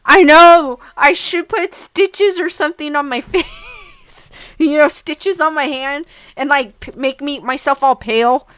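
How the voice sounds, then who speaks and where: A woman's voice: high voice, lively intonation, measured pace, a bit bright, dry recording. A young woman hosting a casual livestream, reading viewer comments aloud and giggling often.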